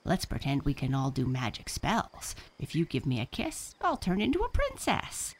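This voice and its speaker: A woman voicing a grumbling young girl frog with a croaky manner. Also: low voice, huge pitch swings, moderate pace, slight background noise.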